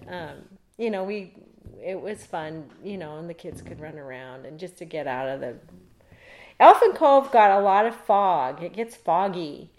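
A middle-aged woman being interviewed, telling a long story casually with rambling asides. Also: on the low side. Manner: rambling, animated, laughs while telling.

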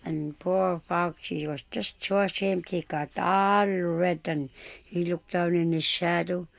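Woman storyteller folk tales, slow, gravelly, dry close sound. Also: on the low side, steady tone, no echo. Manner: unhurried, with pauses and fillers. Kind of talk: oral folk tale telling.

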